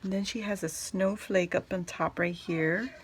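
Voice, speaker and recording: A woman's voice: lowish voice, fairly even intonation, normal speed, slight background noise. A woman vlogger chatting through a craft unboxing, gushing and exclaiming, often swooping up into squeals. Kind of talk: excited unboxing chat.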